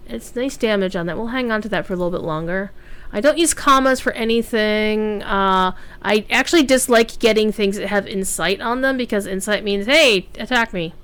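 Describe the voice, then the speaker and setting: A woman streams a game and gives casual commentary, rambling through asides with lots of fillers and offhand swearing. Her medium-pitched voice is brisk, a bit bright, and smooth.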